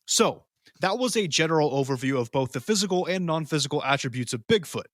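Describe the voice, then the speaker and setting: A man's voice: a little high, expressive, fast talker, a bit bright, no room sound, clean studio sound. A man co-hosting a podcast, reading segment introductions and dropping crude joking asides in casual chat. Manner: crude jokey asides between read segments. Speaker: podcast co-host.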